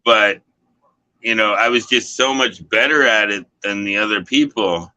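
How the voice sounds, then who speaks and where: A man with a very deep voice that still cuts through with a sharp, forceful brightness. He chats casually, rambling with constant "you know" and "like" and plenty of swearing. He sounds like an everyday worker talking things over. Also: measured pace, rough recording. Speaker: dishwasher. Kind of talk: casual chat.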